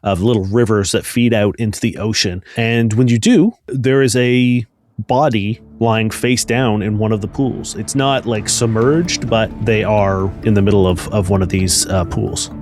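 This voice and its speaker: A man's voice: lowish voice, moderate pace, darkish tone, faint music behind. A man narrating a tabletop game as game master, in a loose style full of fillers. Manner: loose, hesitant, filler-heavy.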